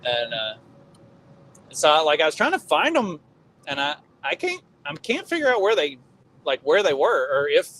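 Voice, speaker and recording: Middle-aged male podcast co-host, lively swearing storyteller, voice sits a bit high. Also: moderate pace, a little hiss or hum, rough recording. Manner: animated storyteller, swearing freely. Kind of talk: casual chat.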